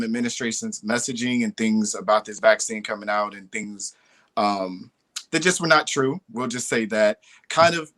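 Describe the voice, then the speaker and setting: A man hosting a live panel discussion, candid and conversational, with lively emphasis. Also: medium pitch. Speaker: host.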